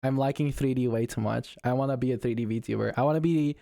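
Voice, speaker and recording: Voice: medium pitch, fast talker, vocal fry, no room sound, clean studio sound. A VTuber streamer chatting casually on a live stream, laughing a lot and swearing often. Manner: giggly, swears often, reacts out loud.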